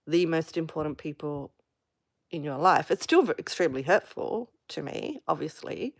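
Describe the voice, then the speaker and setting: A woman speaking frankly in a casual live personal vlog, halting with many fillers and restarts as she vents. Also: low-pitched, lively intonation, gravelly, no echo, studio quality. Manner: frank, venting. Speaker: vlogger on a live stream.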